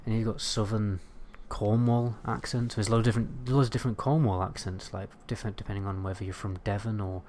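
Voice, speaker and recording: A man's voice: lowish voice, fairly even intonation, fairly quick, hardly any pauses, darkish tone, a little hiss or hum. A man with a British accent chatting casually on a game livestream, rambling and swearing as he answers chat. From United Kingdom. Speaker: game streamer.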